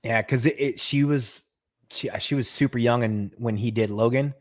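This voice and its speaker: A man co-hosting a podcast in casual chat, animated and quick to stumble and restart, swearing freely as he talks. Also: medium pitch. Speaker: podcast co-host. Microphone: podcast mic.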